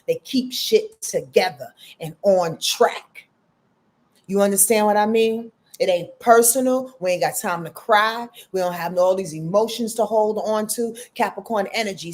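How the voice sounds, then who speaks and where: A woman in her fifties giving a casual astrology forecast, slangy and profane, calling her listeners y'all and swinging between loud outbursts and soft murmurs. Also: a little high. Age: 50s. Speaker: astrology host.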